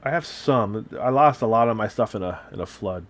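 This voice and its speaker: A man hosting a casual hobby painting stream, talking in a relaxed, rambling way. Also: lowish voice, fairly quick. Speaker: hobby painting channel host. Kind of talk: casual chat while painting miniatures.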